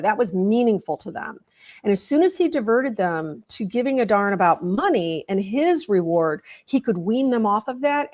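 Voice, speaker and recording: A woman's voice: medium pitch, a little mellow. A woman guest on an interview show, earnestly explaining ideas with stories and examples.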